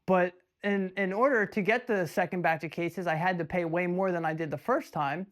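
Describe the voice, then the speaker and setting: Animated, chatty man vlogging. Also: sits high, normal speed. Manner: animated, rhetorical, storytelling with many restarts. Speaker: trading card collector vlogger. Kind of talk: casual direct-to-camera vlog.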